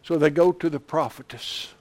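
High-voiced preacher building to shouts. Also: male voice, moderate pace. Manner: builds to loud impassioned shouting, with chuckles. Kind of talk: sermon.

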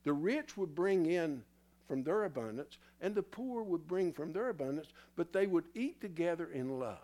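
A man's voice: on the high side, expressive, moderate pace, warm tone. A man preaching a sermon in a church in a folksy, teasing way, somewhat out of breath. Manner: folksy, teasing the congregation, spells words letter by letter.

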